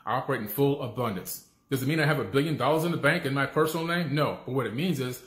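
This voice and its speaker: A man delivers a casual motivational talk with emphasis, repeating his key points and asking "okay?" again and again. His voice is mid-range and a bit bright, and he speaks fast in an echoey room.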